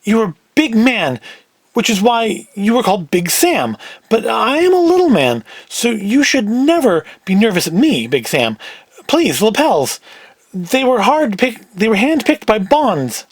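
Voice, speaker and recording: A man's voice: sits high, very animated, unhurried, no echo, pitched above the performer's own voice, full character voice. A man doing a nervous little gambling fixer. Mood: pleading. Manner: pleading, jittery, wordy. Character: small nervous male New York gambling fixer. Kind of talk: cold-read script acting.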